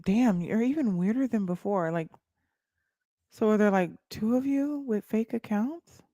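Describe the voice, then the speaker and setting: A woman's voice: mid-range voice, measured pace, dark tone, no echo, lo-fi sound. A woman, livestreaming and chatting bluntly and mockingly to her viewers. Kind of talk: casual livestream chat.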